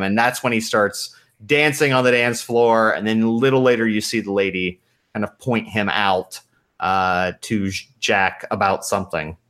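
A man narrating as game master of a tabletop game, relaxed with lots of fillers and laughs. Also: on the low side.

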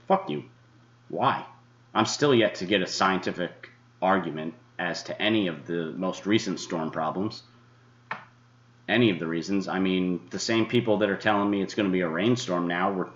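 Angry, swearing deep-voiced man ranting. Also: moderate pace, a bit bright. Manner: angry, swearing, mocking imitations of critics. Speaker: weather podcast host. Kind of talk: profane ranting monologue. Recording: dull lo-fi sound.

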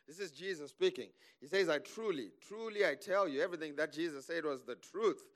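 A man preaching a sermon, animated, calling the congregation for amens and laughing between points. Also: a little high, brisk.

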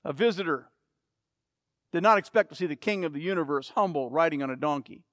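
A man's voice: fairly high pitch, brisk, fairly bright tone, dry recording, studio quality. A man preaching a sermon, emphatic and repeating key phrases for effect. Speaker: pastor.

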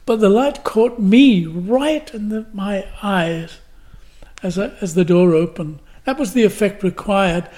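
Anecdotal storytelling comes from an older Glasgow-born guest actor in Scotland, who brings quoted lines to life by performing them. His voice is high-pitched and a little mellow.

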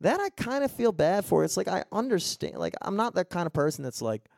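A young man, chatting casually as a podcast co-host and telling stories in a profane, animated way. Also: sits high, brisk, gravelly, dry recording, studio quality. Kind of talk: casual chat.

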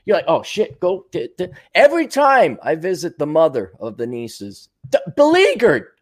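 A man's voice: on the high side, wildly swooping pitch, moderate pace. A man hosting his show, talking in a casual, digressive monologue, laughing often and swearing freely. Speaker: show host.

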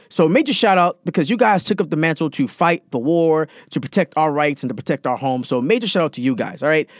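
A young man hosting his own podcast, telling a personal story in a lively, casual way and acting out the conversations in it. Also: on the high side, no room sound, studio quality. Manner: animated, acts out conversations in quotes; addresses listeners as guys. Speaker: podcast host.

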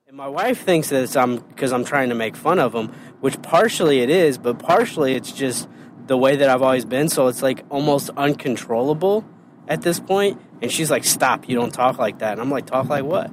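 Laughing man with a lively voice. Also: medium pitch, moderate pace, a little hiss or hum. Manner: laughs often, crude joking. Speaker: podcast co-host. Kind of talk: casual chat.

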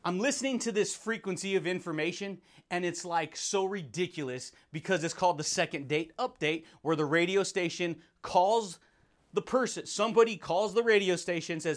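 A man with a high-pitched voice hosts a motivational podcast, speaking energetically in slang and doing quick impressions of the people he quotes.

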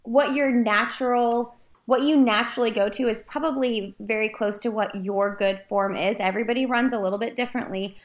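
A woman co-hosting a casual chat, sharing running tips in a relaxed way with many fillers. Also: fairly high pitch, a little fast. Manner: relaxed, filler-heavy with frequent "like". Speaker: running podcast co-host.

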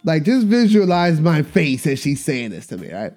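Animated storytelling man, mellow tone. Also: a little high, normal speed, few pauses. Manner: animated, repetitive, slangy. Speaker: podcast host. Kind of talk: casual storytelling monologue.

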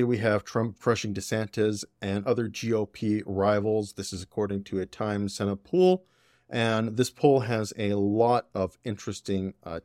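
A man hosting a political commentary podcast, opinionated and sarcastic with quick asides. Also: fairly low pitch, darkish tone, dry recording, clean studio sound. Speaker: podcast host.

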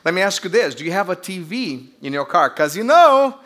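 List: man doing a cheeky bragging car owner, Brazilian accent, raised pitch, teasing. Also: sing-song, brisk, fairly bright tone. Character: cheeky boastful man in a tiny cheap car.

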